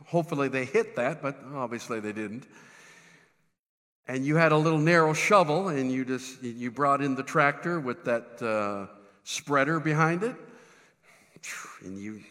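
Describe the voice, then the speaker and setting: A man pastor, telling a self-deprecating funny story in a sermon, animated with lots of restarts. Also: medium pitch, long reverb tail. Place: church sanctuary.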